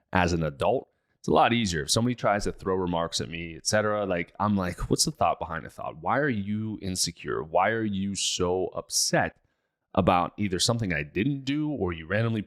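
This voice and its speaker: A man with a deep, low voice hosts his own podcast, talking in a loose, conversational way. He is upbeat and animated, and he sprinkles his talk with fillers and quick asides. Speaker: podcast host. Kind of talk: casual motivational talk.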